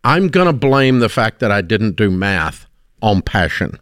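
A man's voice: lowish voice, very animated, unhurried, fairly bright tone, clean tone, no echo, studio quality. A middle-aged man hosting a call-in radio show, blunt and emphatic as he lectures listeners about money mistakes. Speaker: radio talk show host.

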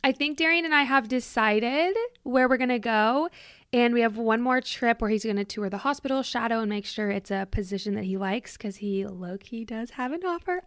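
A woman's voice: on the high side, normal speed, fairly bright tone, clear, resonant tone, dry recording, clean studio sound. A young woman hosting her own podcast, chatting in a reflective, emotional way with lots of "like" fillers. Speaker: podcast host. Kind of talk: casual reflective chat.

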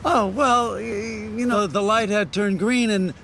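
An actor playing a fussy, defensive driver who stammers while excusing himself, with faint street noise behind. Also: male voice, high-pitched, steady tone, unhurried, vocal fry, a bit bright, full character voice. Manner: flustered, stammering.

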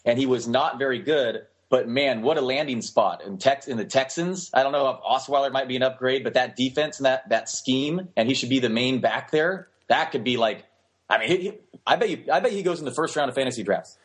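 A man co-hosting a podcast over a remote call, talking quickly with restarts, his line at times garbled. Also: medium pitch, rough recording. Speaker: podcast co-host. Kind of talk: casual chat. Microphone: remote call, garbled connection.

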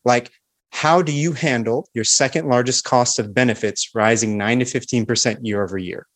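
A man's voice: medium pitch, moderate pace, a bit bright. Confident man teaching sales on a podcast. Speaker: sales expert guest. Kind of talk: podcast interview.

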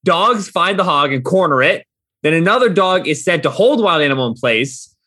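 A man co-hosting a sports talk show who reads quotes aloud with emphatic, joking delivery. His voice is bright and fairly high, and it swings a lot. The sound is close and dry. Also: expressive, moderate pace, no echo. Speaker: podcast co-host. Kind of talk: casual chat.

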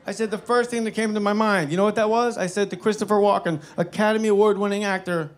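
A man doing stand-up comedy, telling animated, profane, self-mocking stories to a live audience. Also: sits high, quick pace, few pauses. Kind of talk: stand-up storytelling. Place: stage before a live audience. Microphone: wearing a microphone. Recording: live stand-up with faint crowd.

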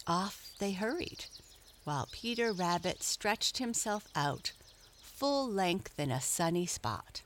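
A woman narrating a children's storybook in a gentle, storytelling manner. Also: medium pitch, lively intonation, takes it slowly, slight background noise.

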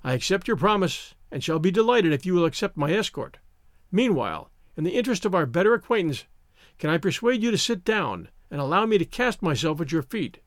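A man's voice: sits high, sing-song, brisk, no room sound, clean studio sound. A man reading a gallant young soldier. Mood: teasing. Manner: playful, gallant. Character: gallant young English soldier, teasing and smitten. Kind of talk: audiobook reading.

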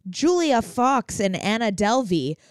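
A woman's voice: fairly high pitch, big pitch swings, measured pace, clear, resonant tone, no echo. Giggly young woman podcast co-host, dry sound. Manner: chatty, giggly, teasing. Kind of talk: casual chat.

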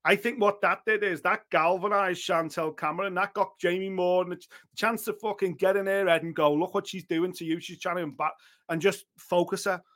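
Guy with a high voice, blunt and sweary, ranting his boxing opinions on a podcast. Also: fairly bright tone. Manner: blunt, swears freely, acts out others' words. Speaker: boxing pundit.

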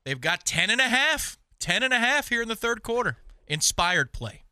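Wry bright-toned sports radio co-host man. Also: very high-pitched, normal speed, clean tone, no room sound, clean studio sound. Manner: wry, deadpan play-by-play parody. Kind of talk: casual sports banter.

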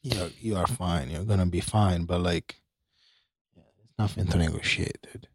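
Podcast co-host: man, very low voice, dry close sound, halting delivery. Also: slightly rough, no room sound. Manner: halting, restarts often, soft-spoken when emotional. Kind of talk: casual chat.

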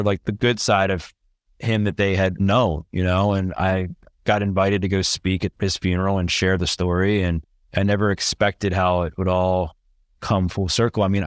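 A man's voice: deep voice, dry recording, clean studio sound. A man being interviewed, telling his own story in a candid, earnest way that turns emotional. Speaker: podcast guest.

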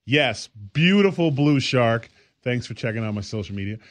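This podcast co-host is a man with a medium-pitched, expressive voice who talks at a moderate pace. In casual chat, he tells rambling stories packed with fillers.

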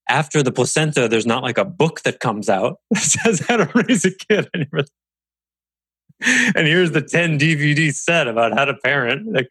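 A man talking casually on a podcast, animated and acting out quoted voices as he tells stories. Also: mid-range voice, dry recording, poor audio. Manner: animated storyteller, acts out quotes. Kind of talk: casual conversational podcast talk.

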